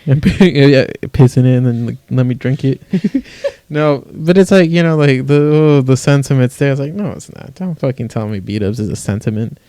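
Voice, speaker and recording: A man's voice: medium pitch, normal speed, mellow, no room sound. A young man co-hosting a podcast, ranting in casual chat with lots of swearing and rambling asides. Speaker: podcast co-host.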